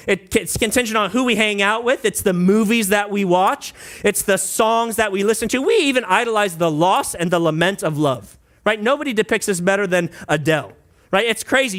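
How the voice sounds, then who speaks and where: High-voiced pastor preaching casually. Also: male voice, fairly bright tone. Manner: conversational preaching, with asides and audience prompts; breaks into singing and playful mock voices. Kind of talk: sermon.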